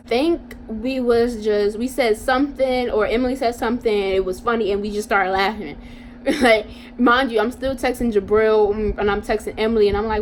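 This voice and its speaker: A young woman spins a casual storytime for her viewers, full of slang and animated asides. Her voice sits a little high. A faint hiss runs under the recording. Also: moderate pace. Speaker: vlogger.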